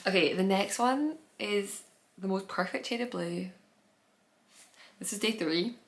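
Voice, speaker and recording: A woman's voice: medium pitch, measured pace. A woman hosting her own podcast, chatting casually on camera at home with gushing enthusiasm and lots of trailing restarts. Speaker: podcast host. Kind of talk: casual chat.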